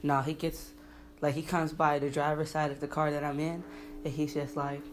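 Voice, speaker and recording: A woman's voice: low voice, level tone, normal speed, slight background noise. A young woman hosting a casual podcast, rambling through a story with heavy slang and swearing while she acts out what people said. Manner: rambling, profane and slangy, acting out quotes. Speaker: podcast host.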